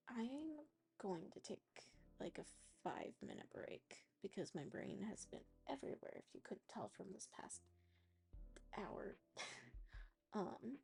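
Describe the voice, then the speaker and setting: A woman's voice: medium pitch, gravelly, dark tone, husky. A woman streamer chatting casually while she crochets, rambling and often trailing off into a near-whisper.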